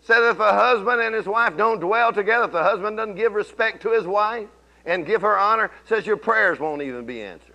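A man's voice: high-pitched, fairly quick, bright, forceful tone, highs cut off. A middle-aged man preaching a sermon, telling folksy stories and rising into emphatic bursts.

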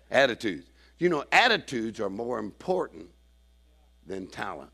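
A man preaching a sermon to a church congregation, emphatic, swinging from shouted declarations to low asides. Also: very animated, a little fast, vocal fry.

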